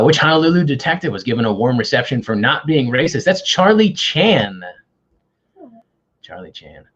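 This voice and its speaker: A man's voice: medium pitch, a bit bright, breathy edge, lo-fi sound. A man hosting an online quiz, bantering casually and teasing himself. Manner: joking, self-deprecating banter. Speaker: quiz host.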